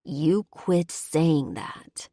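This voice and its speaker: A woman voicing a big, possessive male werebear lover who talks low, commanding and teasing. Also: animated, extremely slow, dark tone, no echo, studio quality, exaggerated voice. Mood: fierce.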